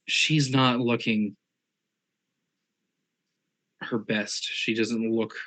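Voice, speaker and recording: A man's voice: fairly low pitch, fairly bright tone. A man narrating a tabletop role-play game as game master, describing characters unhurriedly.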